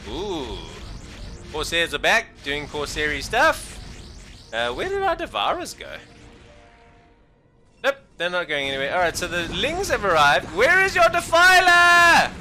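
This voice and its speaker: A man casting a strategy game match alone, excitable and jokey, dropping to mumbled asides and then bursting out loud. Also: a little high, measured pace, pauses often, faint music behind. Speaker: esports caster. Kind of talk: solo game commentary.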